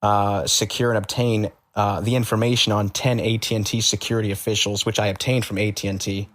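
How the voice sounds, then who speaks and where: A man as an interview guest, telling stories in a halting, matter-of-fact way with many fillers. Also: fairly low pitch, little pitch movement, a bit bright. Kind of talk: conversational storytelling.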